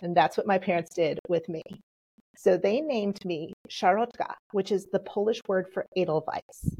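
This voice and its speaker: A woman from Texas tells her story as a podcast guest. Her voice sits in an ordinary middle pitch, and she keeps the anecdote moving with lively, animated delivery. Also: moderate pace, slightly rough. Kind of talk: storytelling in conversation.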